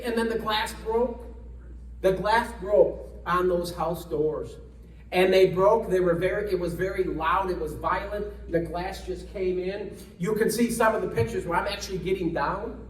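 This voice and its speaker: A man's voice: high-pitched, reverberant, distant mic, poor audio. A man giving a storytelling speech at a luncheon, acting out the people he quotes, with frequent restarts. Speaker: congressman giving a guest talk. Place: luncheon event room, indoors.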